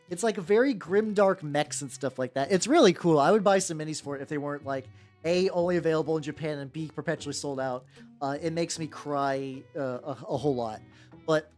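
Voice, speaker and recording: A woman hosting a casual live stream while painting miniatures, rambling and swearing freely, with soft music behind her. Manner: rambling, swears casually, quick pitch jumps when quoting people. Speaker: vtuber host painting miniatures. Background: soft background music.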